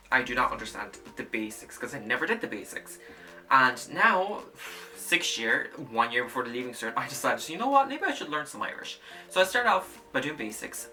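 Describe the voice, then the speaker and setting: A young man in his late teens, Russian his first language, chats casually to camera with a very bright, sharp tone. He rambles, backtracks and repeats himself. The mic sits a little away from him, with faint music underneath. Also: medium pitch, distant mic. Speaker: student vlogger. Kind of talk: casual explainer vlog.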